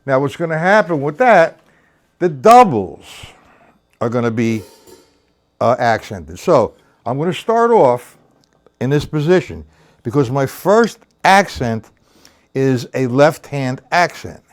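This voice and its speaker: Slow, patient man teaching drums. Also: medium pitch. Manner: counts rhythms aloud and speaks stickings in a steady, patient way; addresses viewers by name. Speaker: drum teacher. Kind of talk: live-streamed drum lesson. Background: drum kit.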